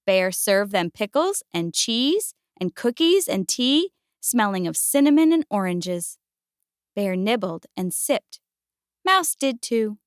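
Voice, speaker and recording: A woman gently and expressively reading a picture book aloud. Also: medium pitch, no echo, clean studio sound. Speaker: storyteller.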